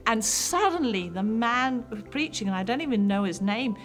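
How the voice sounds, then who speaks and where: Lady pastor, 50s, telling her story to mums, kinda high voice, faint music behind. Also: animated, normal speed. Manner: earnest, storytelling, heartfelt. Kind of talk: personal testimony to mothers.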